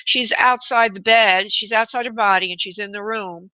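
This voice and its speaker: A woman's voice: medium pitch, steady tone, normal speed, sharp tone, no room sound, highs cut off. A woman hosting a live radio psychic reading, tender and affectionate and calling her callers honey and sweetheart. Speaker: psychic medium and radio host.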